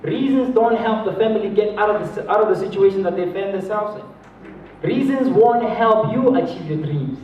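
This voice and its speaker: Motivational speaker, man from South Africa, high and animated, heard from afar in a big echoey hall. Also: normal speed, slight background noise. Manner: animated, acts out voices of others, chuckles often. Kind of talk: motivational talk to a live audience. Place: large hall with an audience. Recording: distant, roomy, dull hall recording.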